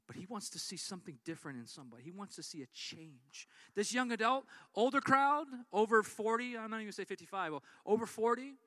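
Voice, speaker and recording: Animated high-voiced preaching man. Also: fast talker, hardly any pauses, no echo. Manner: animated storytelling with acted-out quotes. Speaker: pastor. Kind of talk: sermon.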